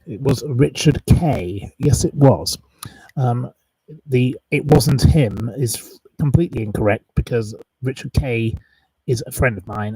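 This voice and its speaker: A man hosts a live quiz in a loose, rambling way, reading out answers and long lists of wrong guesses. His voice is husky and sits some way from the mic in a dry room. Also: on the low side, mellow, no room sound, far from the mic, rough recording. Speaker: quiz host on a live stream. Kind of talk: casual live quiz chat.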